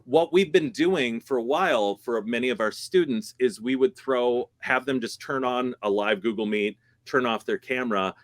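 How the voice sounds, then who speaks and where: A man's voice: medium pitch, moderate pace, hardly any pauses, no room sound. A man who teaches music, chatting casually in a conference session, laughing often and correcting himself as he goes. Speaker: guest speaker, music teacher.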